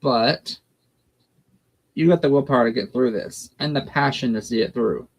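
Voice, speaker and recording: A guest tarot reader with a mid-range voice and moderate pace chats casually and gives a reading. His style is blunt, folksy, and encouraging.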